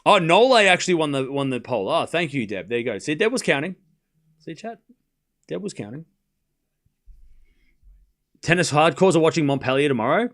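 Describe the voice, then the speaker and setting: Streaming live, this young Australian host calls points between rallies and reads chat, chatting away and laughing frequently. He speaks at a moderate pace with frequent pauses, in a fairly high, fairly bright voice that swings widely in pitch.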